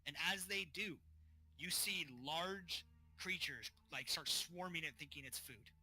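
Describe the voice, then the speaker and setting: A man's voice: fairly high pitch, a little slow, sharp tone, slightly rough. A man narrating as game master of a tabletop game, casual and full of fillers. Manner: casual, filler-heavy narration with voiced characters.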